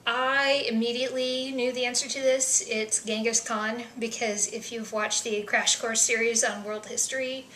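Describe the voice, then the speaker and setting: A young woman vlogger chatting casually through survey questions, self-deprecating, with soft mumbled asides. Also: on the high side, echoey room, slight background noise, rough recording.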